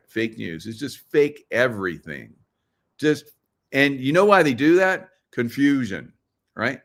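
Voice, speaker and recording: A man's voice: mid-range voice, fairly bright tone. A middle-aged man with a mid-range voice hosts a loose livestream monologue. He leans conspiratorial and keeps firing questions at his audience, and he chuckles at his own asides as he goes. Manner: conspiratorial, joking asides, laughs at own lines; talks straight to viewers, asks them questions. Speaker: show host.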